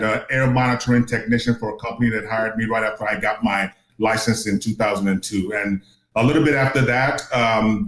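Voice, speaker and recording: A man's voice: mid-range voice, a bit bright, roomy sound, rough recording. A man who works as an asbestos inspector, chatting as a podcast guest in a jokey, rambling way. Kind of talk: casual podcast chat.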